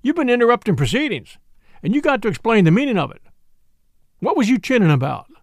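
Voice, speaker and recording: A man's voice: extremely high pitch, very animated, fast talker, no room sound, clean studio sound, pitched above the performer's own voice, full character voice. A man voicing an angry, domineering miners' judge from the frontier, talking in a folksy, bossy way. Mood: interrogating. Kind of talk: audiobook character voice.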